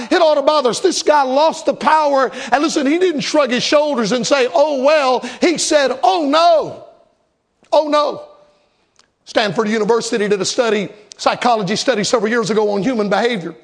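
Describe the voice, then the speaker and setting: A man preaching a revival sermon as a Baptist preacher, emphatic and dramatic, repeating lines for effect. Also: very high voice.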